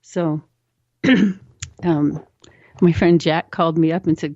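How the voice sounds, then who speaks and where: As an interview guest on a talk show, a woman tells a personal story slowly and with animation, acting out other people's voices as she quotes them. Her low, mellow voice sounds dry and close with no echo, though the recording is slightly dull and lo-fi.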